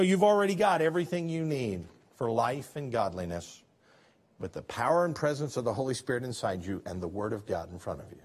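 A male pastor preaching a sermon in a folksy, conversational way, his voice sitting a little higher than most men's. He swings from emphatic, driving lines down to soft, hushed asides, with restarts along the way.

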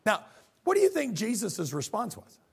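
A man preaching a sermon as a pastor, folksy and animated, with joking asides. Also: sits high, normal speed, vocal fry, breathy edge.

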